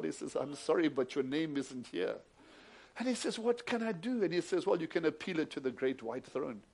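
A male preacher, moving between hushed retelling of a story and loud, emphatic preaching. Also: fairly high pitch, lively intonation, moderate pace, husky. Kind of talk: sermon with storytelling.

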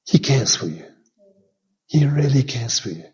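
A man's voice: mid-range voice, expressive, unhurried, husky. Fervent male preacher, muffled recording. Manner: fervent, swings between loud pleading climbs and soft hushed prayer. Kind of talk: sermon with altar call and prayer.

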